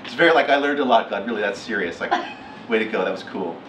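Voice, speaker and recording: A middle-aged man giving a keynote talk, telling a story with lively acted-out quotes. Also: on the low side, fast talker, a little hiss or hum. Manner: animated, acts out quotes with laughs. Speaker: keynote speaker. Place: lecture hall. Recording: echoey hall from far off.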